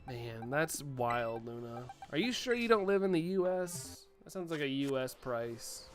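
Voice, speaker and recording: A sniffly man from the United States, live streaming from his home setup. He keeps up a loose, chatty running talk, reading out viewer messages and answering them one by one at a mid-range pitch. Soft music plays quietly behind him. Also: lively intonation, unhurried. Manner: chatty, reads viewer chat aloud and answers it. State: sniffly from allergies. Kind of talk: casual live-stream chat.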